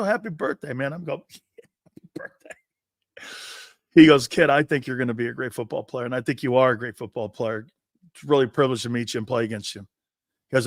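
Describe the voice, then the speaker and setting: A man in his fifties hosting a sports talk show, telling rambling, animated anecdotes with many restarts. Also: medium pitch, dry recording, clean studio sound. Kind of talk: casual storytelling and show hosting.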